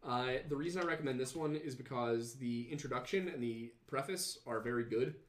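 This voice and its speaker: A man's voice: medium pitch, fairly quick, roomy sound. A man hosting a podcast, chatting casually and reading viewer comments, rambling with many fillers and restarts. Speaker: podcast host.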